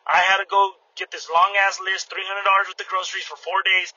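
A high, piercingly bright male voice with a husky edge, ranting with loose profanity and acting out every side of an argument. He hosts a casual podcast, and the recording sounds dull and lo-fi. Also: fairly quick. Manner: animated, profane, acts out both sides of arguments. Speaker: podcast host. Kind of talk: casual storytelling rant.

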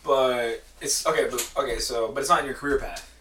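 A man's voice: medium pitch, fairly quick, fairly bright tone, far from the mic, slight background noise. A man on a podcast who argues his point carefully in a casual chat. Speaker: podcast co-host. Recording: roomy echo, off-mic.

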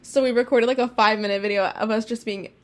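A woman's voice: a little high, fast. A young woman co-hosting a casual podcast, laughing often and swearing freely as she tells stories. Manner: giggly, swears a lot, animated storytelling. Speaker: podcast co-host. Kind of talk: casual chat.

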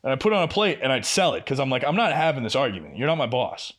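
A man's voice: mid-range voice, very fast. A young man co-hosting a podcast, casually telling a long work story, swearing often and acting out both sides of quoted arguments. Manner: profane, animated, acts out quoted exchanges. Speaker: podcast co-host.

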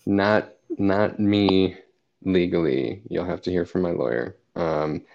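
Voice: low voice, steady tone, slow, gravelly, muffled recording. A podcast co-host in casual banter, joking and self-deprecating, laughing often.

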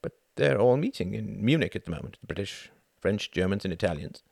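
A man voicing an earnest, slightly naive gentleman who stammers and hesitates. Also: lowish voice, sing-song, brisk, gravelly, no echo, clean studio sound, exaggerated voice.

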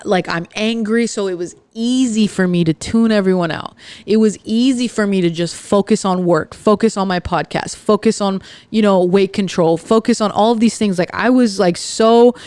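A woman hosting her own podcast, talking earnestly and confessionally, with frequent pauses and fillers. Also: mid-range voice, darkish tone, clear, resonant tone, no echo. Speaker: podcast host. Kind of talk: candid personal podcast monologue.

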